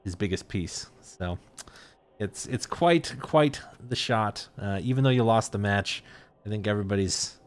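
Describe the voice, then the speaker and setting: A man hosts a casual esports talk show in a somewhat low voice. He talks in a laid-back way and fills his pauses with uh and um. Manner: lots of uh and um fillers, laid-back. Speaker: host.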